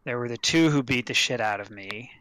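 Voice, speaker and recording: A man's voice: medium pitch, a little fast, bright, forceful tone, no room sound, lightly acted. A man voicing a tough, battered female ex-prisoner in a tabletop game, talking bluntly and with dry scorn. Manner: blunt, dry, plain-spoken.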